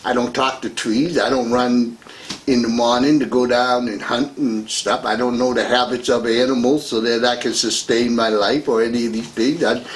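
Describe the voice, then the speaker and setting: A man's voice: medium pitch, a little hiss or hum. A man hosting a talk radio show, rambling through a casual monologue and laughing between remarks. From United States. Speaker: radio host.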